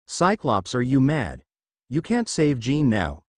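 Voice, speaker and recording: An alarmed teleporter hero pleads urgently, read out by a man. Lively pitch in a dry, close recording. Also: slow pace, dry recording, exaggerated voice. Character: frightened blue-skinned male teleporter hero.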